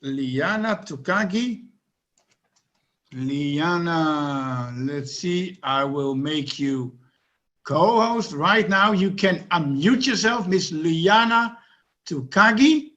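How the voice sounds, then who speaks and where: Guy co-hosting a webinar, high voice, brisk instructions, video call sound. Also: animated, pushed and bright. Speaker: webinar co-host.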